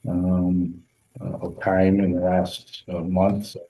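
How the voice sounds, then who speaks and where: A man chairing a board meeting, reading the budget report with many pauses and ums. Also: sits low, completely flat delivery, dark tone, rough recording. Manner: halting, many ums and uhs. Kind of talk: meeting business.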